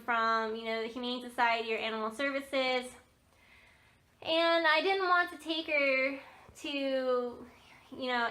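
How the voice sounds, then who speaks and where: A young woman talks casually to her viewers in a high voice, telling stories with lots of fillers and small laughs. Her tone is bright and clear. The talk is loose and homey, a vlog to camera. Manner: chatty storytelling, many fillers and laughs. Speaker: vlogger.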